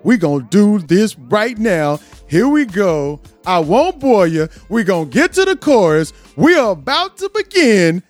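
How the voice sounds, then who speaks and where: Excitable male podcast host. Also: high voice, a little slow, hardly any pauses, faint music behind. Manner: excitable, jumpy, breaks into bits of singing. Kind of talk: excited casual interview intro. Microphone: studio podcast microphone.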